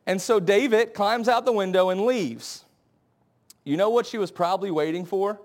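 A man's voice: high voice, normal speed. A young man preaching a sermon in an earnest, conversational way, acting out scenes with quoted voices. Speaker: pastor.

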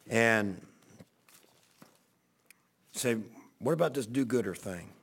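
A man's voice: medium pitch, slow, pauses often. A middle-aged man, a pastor, telling a long folksy story in a rambling sermon. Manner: folksy, rambling anecdotal preaching.

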